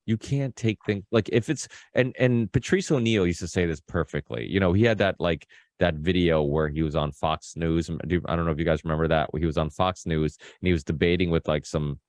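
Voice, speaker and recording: A man's voice: low-pitched, fairly quick, few pauses, no echo. A man hosting a podcast in casual, rambling chat, full of restarts and fillers and freely swearing. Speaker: podcast host.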